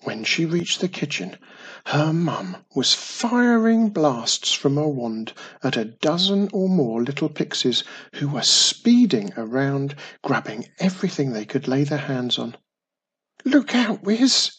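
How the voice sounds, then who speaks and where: A man narrating a children's storybook in a slow, husky, gravelly voice. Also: medium pitch, very animated, fairly bright tone.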